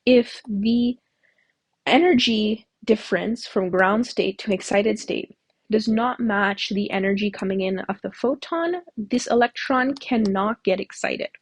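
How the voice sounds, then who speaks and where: Woman tutor, husky and dry, explaining step by step with rhetorical questions. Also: medium pitch, a little slow, no echo. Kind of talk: whiteboard lecture.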